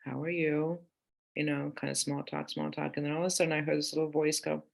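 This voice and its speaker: A woman's voice: sits low, steady tone, fast talker, vocal fry. A woman in her forties, a guest author in a casual podcast conversation, telling candid family stories and acting out the quoted lines. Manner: candid storyteller, acts out quoted dialogue.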